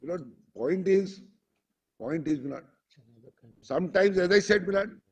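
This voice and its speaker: A lawyer with an Indian English accent pleads his case before the bench, dropping a deferential "my lord" into almost every sentence. His voice sits high for a man and has a husky, grainy edge. He moves between his own argument and passages he reads aloud from a judgment. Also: a little slow, a little mellow, highs cut off. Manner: formal, addresses the bench as "my lord" constantly. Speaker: lawyer arguing before a court. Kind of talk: courtroom argument.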